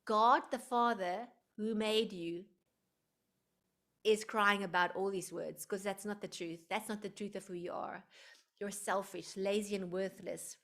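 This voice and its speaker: A woman hosting a live online workshop, expressive and emotional, slipping into prayer like a preacher. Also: medium pitch, measured pace. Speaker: workshop host.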